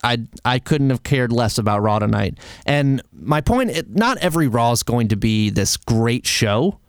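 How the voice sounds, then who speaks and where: A man's voice: mid-range voice, lively intonation, moderate pace, no echo, clean studio sound. A man hosting a solo wrestling commentary show, passionate and argumentative, with sarcastic asides. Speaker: wrestling podcast host.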